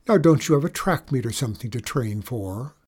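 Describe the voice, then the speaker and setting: A man's voice: mid-range voice, lively intonation, brisk, a little mellow, breathy edge. A man voicing a mocking, dismissive teenage older sister. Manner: sarcastic, dismissive.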